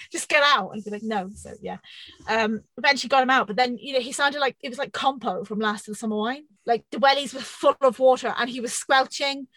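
A woman in her thirties telling a funny story on a podcast, animated and self-mocking, swearing often. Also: sits high, a little fast, no echo, low-quality recording. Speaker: podcast co-host. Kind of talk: casual storytelling chat.

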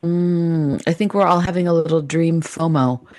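A man hosting a talk show, enthusiastic and quick to react to his guest. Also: a little high, fairly even intonation, a little mellow, no room sound, clean studio sound. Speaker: host. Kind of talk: casual chat.

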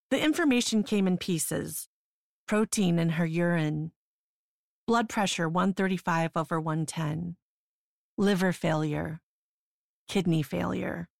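Female memoir narrator, sober and measured, low register, dry booth sound. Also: vocal fry, no echo. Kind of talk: first-person memoir narration.

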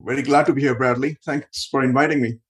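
A man's voice: mid-range voice, quick pace, rough recording. Earnest middle-aged man telling his story. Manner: earnest storyteller, grows animated on emphasis. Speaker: marketing consultant guest. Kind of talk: podcast interview.

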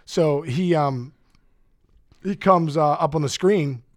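A middle-aged man, a former ballplayer, telling animated stories as a guest in a casual podcast chat, laughing often and acting out quotes. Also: a little high, slow pace, dry recording, clean studio sound.

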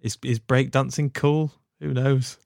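A man's voice: medium pitch, little pitch movement, unhurried, gravelly, a little mellow, dry recording. Young guy co-hosting a football pod, easygoing, dry jokes, very dry close mic. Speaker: podcast co-host. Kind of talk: casual chat.

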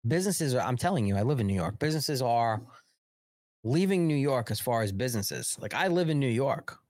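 A man's voice: mid-range voice, expressive, fairly quick, darkish tone, no room sound, studio quality. A man hosting a political live show, ranting in a heated, sarcastic and profane way. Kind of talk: political commentary livestream.

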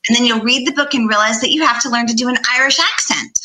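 Guest woman, bright and animated, laughing storyteller, higher-pitched. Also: fast talker, echoey room, low-quality recording. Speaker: guest author. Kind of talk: casual chat.

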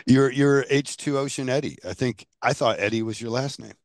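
A man's voice: medium pitch, brisk, dry recording, studio quality. A man hosting a podcast, jokey and chatty, firing off casual questions. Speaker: podcast host.

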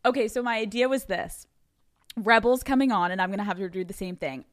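A woman's voice: mid-range voice, brisk. A woman hosting a podcast interview, blunt and casual, swearing freely. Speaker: podcast host.

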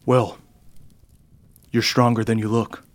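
A man voicing an imposing, cold male knight with red eyes, speaking in a measured, menacing way. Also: mid-range voice, flat delivery, no echo, close to an everyday voice.

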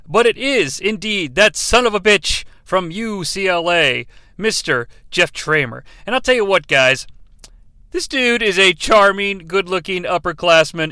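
A man's voice: sits high, sharp tone, no room sound. A man hosting a comedic podcast, rambling and profane, often interrupting himself and laughing. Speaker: podcast host. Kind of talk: comedic solo podcast riff.

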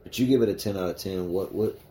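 Deep low voiced guy chatting horror movies, laid-back, echoey room. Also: fast talker, warm tone. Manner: laid-back, casual swearing. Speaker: podcast co-host. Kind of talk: casual chat.

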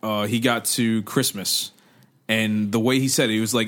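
A man's voice: fairly low pitch, fairly even intonation, fairly quick, fairly bright tone. A young man co-hosting a podcast, joking and teasing in casual chat and retelling a comedy bit with impressions. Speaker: podcast co-host.

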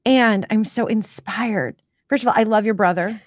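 A woman's voice: medium pitch, normal speed, no echo, clean studio sound. A woman hosting a podcast, responding with effusive affirmations and open questions. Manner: warm, effusive, affirming interviewer. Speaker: podcast host. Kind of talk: conversational interview.

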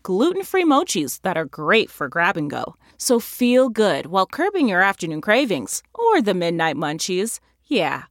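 A woman's voice: medium pitch, dry recording. A woman with a mid-range voice gives an upbeat, playful ad read. The sound is dry and close to the mic. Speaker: ad announcer. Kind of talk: scripted ad read.

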